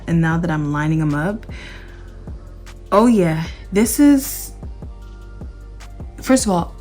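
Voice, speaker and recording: An excited woman gives a casual tarot reading, talking with emphatic bursts and lots of repetition. Her voice sits a little low. Soft music plays faintly underneath. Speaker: tarot reader.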